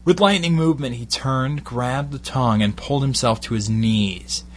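A man with a Glaswegian accent slowly reading an erotic bedtime story in a measured, intimate way. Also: mid-range voice, a little hiss or hum. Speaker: narrator.

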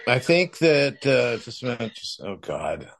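A man co-hosting a podcast with a gravelly, creaky voice. He rambles hesitantly, full of ums and restarts, in a casual chat. His pitch sits in the middle range. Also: big pitch swings, a little slow. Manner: rambling, hesitant with many fillers. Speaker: podcast co-host.

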